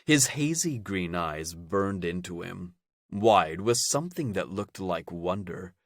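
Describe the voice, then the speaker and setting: Man, audiobook narrator, very deep voice, unhurried, steady romance narration. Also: no room sound, studio quality.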